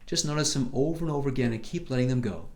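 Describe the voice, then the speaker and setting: Gentle soft-spoken priest, man. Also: medium pitch, racing. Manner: gentle storytelling, often dropping softly to a hush. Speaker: priest leading a retreat. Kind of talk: retreat talk.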